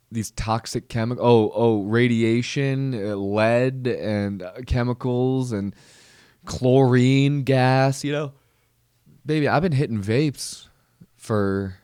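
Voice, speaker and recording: A man's voice: medium pitch, darkish tone, dry recording, clean studio sound. A man hosting a podcast, doing a rambling, joking comedic monologue. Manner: rambling, joking, full of fillers and restarts. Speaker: podcast host.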